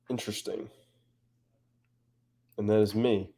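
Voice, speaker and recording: A man's voice: medium pitch, normal speed, darkish tone. A man as a guest on a livestream, chatting casually and reading viewer comments, laughing often and joking.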